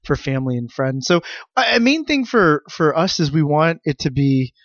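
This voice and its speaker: A man's voice: fairly high pitch, animated, moderate pace, a bit bright, dry recording, muffled recording. A man co-hosting a podcast in casual chat, laughing easily and reading out fan questions. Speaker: podcast co-host.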